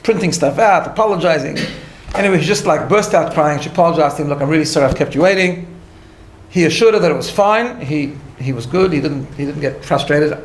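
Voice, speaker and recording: A man, a rabbi, giving a conversational lecture, telling a story in an animated way with light laughter at his own asides and frequent restarts. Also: a little high, fairly quick, hardly any pauses, roomy sound, slight background noise. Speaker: rabbi teaching a class.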